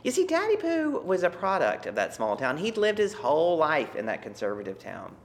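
A man's voice: mid-range voice, very animated, fairly quick, creaky. A man in his fifties from Texas telling a personal story in a reflective, conversational way with wry asides.

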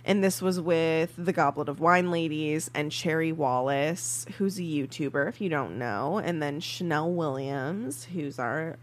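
A woman's voice: sits low, unhurried, few pauses. A young woman co-hosting a podcast, chatting casually with plenty of fillers. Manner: relaxed, chatty, lots of fillers. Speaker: podcast co-host. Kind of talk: casual chat.

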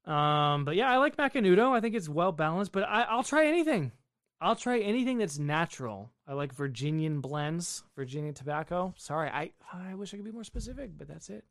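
Brisk and high-voiced, a dad streaming from his basement swings widely in pitch as he reads viewers' questions and tosses off replies. The tone is fairly bright, and the sound is clean studio audio without echo.

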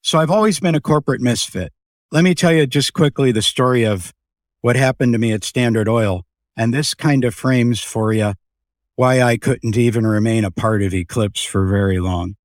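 An older man, a business founder being interviewed, telling stories in a lively way and acting out the people in them. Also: mid-range voice, normal speed, no echo, clean studio sound. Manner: animated storyteller, acts out voices in anecdotes. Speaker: podcast guest, business founder. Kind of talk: casual storytelling interview.

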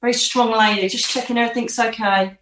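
A woman's voice: fairly high pitch, fairly even intonation, fast talker, noisy background. A woman giving a psychic reading, talking in an emotive, reassuring, rambling way. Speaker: psychic medium. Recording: roomy echo.

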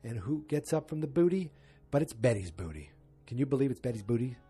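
Husky man rambling through a recap. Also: mid-range voice, big pitch swings, fast, dark tone, soft background music. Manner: loose, rambling, joking asides. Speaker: TV episode recapper. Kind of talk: casual spoken recap.

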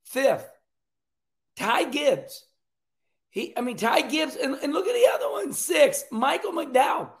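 A folksy man in his sixties talks racing on his own show, laughing and repeating himself as he goes. His voice is high for a man and gravelly, and it rings in an echoey room. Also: big pitch swings, measured pace. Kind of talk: casual commentary.

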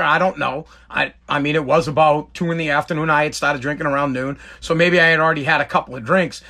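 A man hosts a talk show and tells a casual, meandering story. His voice is bright and sits a little high, and he keeps stopping to restart and correct himself. He livens up whenever he quotes other people. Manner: rambling, with many restarts and self-corrections; animated when quoting others in the story. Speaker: talk show host reading viewer comments.

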